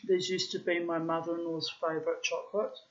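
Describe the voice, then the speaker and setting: A vlogger tells personal stories in a frank, rambling monologue, swearing freely as she goes. Her voice is lowish, her delivery flat and brisk. The lo-fi recording sounds slightly dull.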